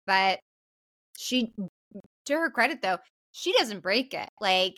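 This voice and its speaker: A woman's voice: mid-range voice, lively intonation, slow pace, sharp tone, no room sound. A woman co-hosting a podcast, recapping a movie in casual, chatty talk with plenty of fillers and some swearing. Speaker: podcast co-host.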